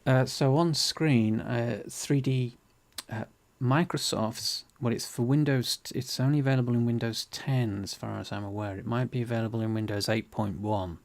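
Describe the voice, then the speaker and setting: A 3D tutorial host casually walks through a 3D program on screen, peppering his talk with ums and restarts. His mid-range voice moves at a moderate pace with hardly any pauses.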